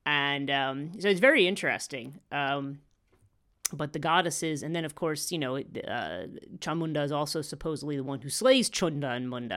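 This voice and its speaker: Podcast teacher rambling through a lecture, lots of ums and restarts, ordinary middle pitch. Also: fairly bright tone. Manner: rambling, with many fillers and restarts.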